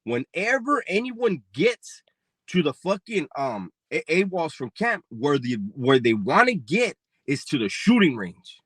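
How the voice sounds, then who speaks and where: A man's voice: mid-range voice, unhurried, few pauses, slightly rough, dry recording. Slangy man in his forties telling a story. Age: 40s. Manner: profane, slangy, animated telling. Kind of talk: casual spoken story.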